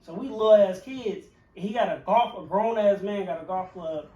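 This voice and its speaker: A man's voice: high-pitched, normal speed, dark tone, dull audio. A man, a chef and podcast co-host, telling a rambling, profane story in casual chat with many fillers. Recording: roomy, distant mic with faint music.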